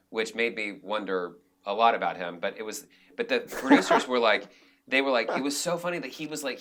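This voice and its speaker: A man talks as a podcast guest, telling stories in an animated, rambling way full of restarts. His voice sits somewhat low but comes through bright and forceful. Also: slight background noise. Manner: animated storyteller, many restarts and "like"s. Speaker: guest, director and actor. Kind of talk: casual interview storytelling.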